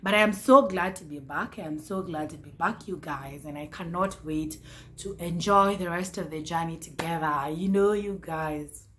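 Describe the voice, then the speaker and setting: A woman in her twenties chatting to camera as a vlogger, excitable and repeating her phrases. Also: fairly low pitch, normal speed, slight background noise. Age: 20s. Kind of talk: casual chat to camera.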